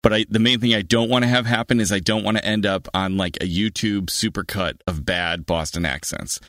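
Animated man, actor guest, dry sound. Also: lowish voice, fairly quick, no room sound. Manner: animated, restarts often, laughs easily. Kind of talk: casual interview answers.

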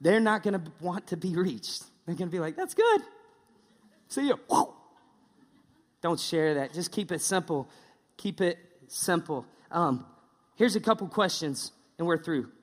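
A man's voice: fairly high pitch, normal speed, big-room sound. A male pastor preaching a casual, joking sermon, slipping into mocking impressions.

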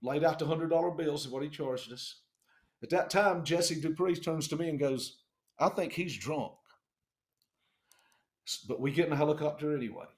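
Animated storyteller man with a raised pitch. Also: fairly quick, reverberant. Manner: animated, profane, acts out the people he quotes. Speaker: band member telling a tour story. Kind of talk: casual storytelling.

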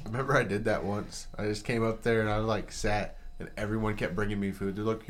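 A man's voice: on the low side, fast talker, a bit bright. A young man chatting casually, rambling with lots of fillers. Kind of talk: casual chat.

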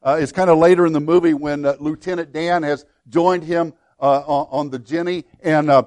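A man's voice: a little high, fairly even intonation, moderate pace, a little mellow, no room sound. A middle-aged man preaching a sermon in an earnest, conversational way, acting out the prayers and pleas he quotes. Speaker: pastor.

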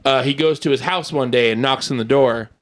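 A man's voice: mid-range voice, a little fast, fairly bright tone. Chatty man recapping a film. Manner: rambling, lots of filler words and swearing. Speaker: podcast co-host. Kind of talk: casual chat recommending films.

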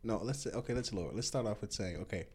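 A man's voice: fairly low pitch, rapid-fire, a little mellow, husky. A man co-hosting a podcast, chatting casually and laughing along. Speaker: podcast co-host. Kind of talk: casual chat.

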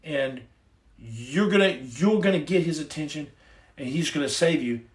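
Earnest preachy man, fairly high voice. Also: moderate pace. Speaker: livestream host. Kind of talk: casual livestream testimony.

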